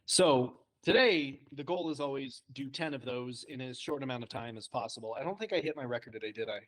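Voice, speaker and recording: Young guy on a podcast, mid pitch, chatty and self-mocking, laughs a lot. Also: brisk, a bit bright. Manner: chatty, self-deprecating storyteller, laughs often. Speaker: co-host, trainee. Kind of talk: casual podcast chat.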